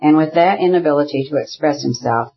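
A man narrating a classic novel in a measured, even storytelling manner. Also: a little high, creaky, dull audio. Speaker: audiobook narrator.

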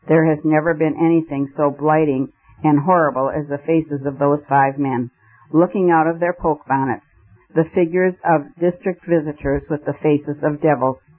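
A man reading a first-person novel as an audiobook narrator, measured and storytelling. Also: fairly high pitch. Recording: dull lo-fi recording.

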